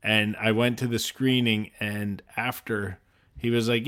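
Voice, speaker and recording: A man's voice: fairly low pitch, a little slow. A man hosting a casual comedy chat, telling stories and jokes and acting out the voices in them. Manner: storytelling, jokey, animated voices in quotes.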